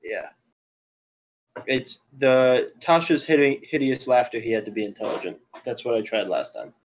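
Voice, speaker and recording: A man's voice: medium pitch, normal speed, lo-fi sound. A man playing a tabletop game online, chatting casually, thinking aloud over the rules and laughing often. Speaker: player. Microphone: voice chat over internet.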